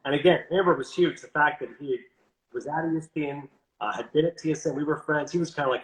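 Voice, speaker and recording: A Canadian man telling stories in a casual interview, animated and quick, acting out what others said. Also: a little high, reverberant, slight background noise, low-quality recording. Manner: animated, quick, quotes others in lively asides. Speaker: guest broadcaster.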